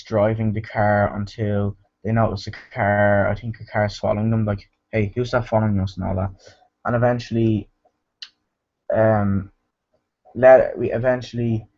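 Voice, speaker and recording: A man's voice: mid-range voice, darkish tone. Rambling man reviewing a movie, dull lo-fi sound. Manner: rambling, full of fillers and restarts. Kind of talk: casual spoken movie review.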